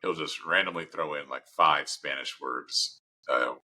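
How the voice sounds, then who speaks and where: A man's voice: extremely low pitch, unhurried, pushed and bright, rough recording. A man co-hosting a casual podcast, talking through his opinions in long rambling turns with restarts. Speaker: podcast co-host. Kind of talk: casual chat.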